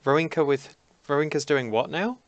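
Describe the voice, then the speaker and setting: A man playing a tabletop game who asks things in a halting, questioning way. His voice is smooth and clean. The recording is dry and close. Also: a little high, no echo, highs cut off. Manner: hesitant, questioning. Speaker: player.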